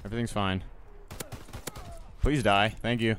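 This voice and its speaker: Young dude w a low voice chatting over his shooter game, goofy asides, quiet gunfire behind. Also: steady tone, unhurried, a little hiss or hum. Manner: casual, jokey, talks to himself and viewers, sudden yelps. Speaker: gaming YouTuber. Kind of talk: live gameplay commentary.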